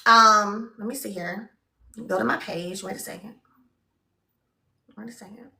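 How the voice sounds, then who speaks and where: A woman's voice: mid-range voice, fairly even intonation, a little slow, vocal fry, pushed and bright, roomy sound. A woman hosting a live shopping stream, chatty and upbeat, urging viewers to buy. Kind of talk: live-stream sales pitch. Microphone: phone.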